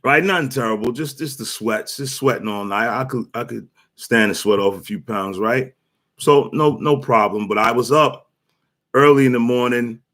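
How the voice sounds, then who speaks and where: Man, sports livestream host, casual chat, rambling, lots of fillers, mid pitch. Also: moderate pace, a bit bright. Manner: loose and rambling, heavy fillers. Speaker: sports talk show host.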